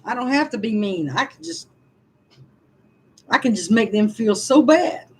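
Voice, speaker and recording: Woman, sixties, casual livestream venting, frank, fairly high voice, very lively pitch. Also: a little slow, husky, rough recording. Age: 60s. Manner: chatty, frank, laughing asides to viewers. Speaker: livestream vlogger reading comments.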